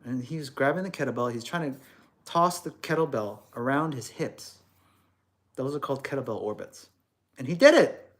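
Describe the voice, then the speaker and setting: A man's voice: a little high, very animated, moderate pace, long pauses, a bit bright. A man talking to his livestream audience in a casual, opinionated, lecturing monologue, full of rhetorical questions. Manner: acts out quoted voices.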